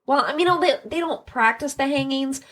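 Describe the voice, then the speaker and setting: A woman co-hosting a podcast, talking in a relaxed, informal way with lots of "like". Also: sits high, moderate pace. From Northern Kentucky. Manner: relaxed, informal, uses "like" a lot, laughs along. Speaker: podcast co-host. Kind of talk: casual chat.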